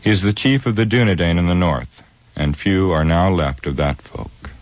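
An ancient male elf lord declares lineage and names with stately calm. A man reads him in an audiobook. His voice sits extremely low. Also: normal speed, no room sound. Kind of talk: audiobook character reading.

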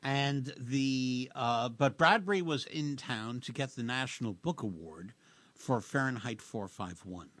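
A man hosting a radio show, chatting casually in a halting, rambling way with lots of fillers and restarts. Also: mid-range voice, fairly bright tone, no room sound. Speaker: radio host. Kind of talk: casual radio interview chat.

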